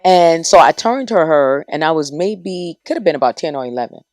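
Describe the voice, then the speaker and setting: A middle-aged woman telling stories as a podcast guest in a dry studio. She talks in a lively, animated way and acts out the people she quotes. Her voice sounds like that of a radio personality. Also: low-pitched, a little fast, no echo. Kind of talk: casual podcast storytelling.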